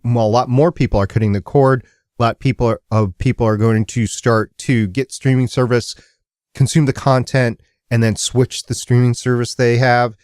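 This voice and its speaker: A man's voice: mid-range voice, a little mellow, clean tone, no echo. Rambling man hosting a podcast, dry sound. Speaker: podcast host. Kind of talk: casual podcast chat.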